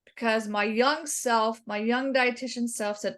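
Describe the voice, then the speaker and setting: A middle-aged woman, a dietitian guest on a podcast, telling a long personal story in a lively, self-deprecating way and acting out the voices in the quotes she recounts. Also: fairly high pitch, measured pace.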